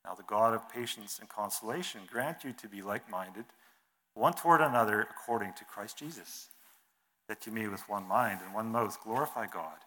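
A man giving a sermon in an earnest, measured way, reading scripture and telling an illustration, his phrases trailing off softly. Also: lowish voice. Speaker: preacher.

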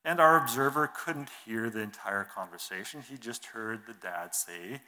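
A man giving a sermon in an earnest, measured way, reading scripture and telling an illustration, his phrases trailing off softly. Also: lowish voice. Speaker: preacher.

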